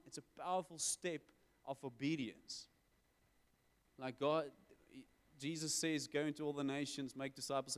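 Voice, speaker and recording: A man preaching a sermon, conversational with quick asides and emphatic swells. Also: medium pitch, clean tone. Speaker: pastor. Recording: hall with long reverb.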